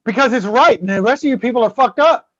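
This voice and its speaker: Loud, foul-mouthed Southern man. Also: very high voice, animated, quick pace, no echo. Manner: profane, boisterous storyteller. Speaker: guest on a web show. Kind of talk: casual live-stream chat. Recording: slightly dull lo-fi audio.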